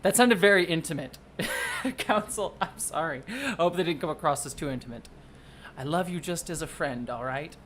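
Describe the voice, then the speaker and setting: A livestreamer and video producer chatting casually at home, rambling, excitable and often apologetic. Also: medium pitch, normal speed, slight background noise. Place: at home under a blanket.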